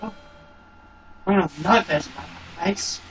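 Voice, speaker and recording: A man co-playing a game with his brother, making quiet, low-key remarks. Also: slow, slight background noise. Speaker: co-player, brother. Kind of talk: casual gaming chat.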